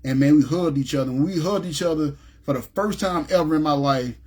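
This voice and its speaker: A man from Memphis telling his personal testimony in a rambling, animated way and often asking "you know what I'm saying". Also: a little high, a little fast, husky. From Memphis, USA. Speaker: ministry speaker giving testimony.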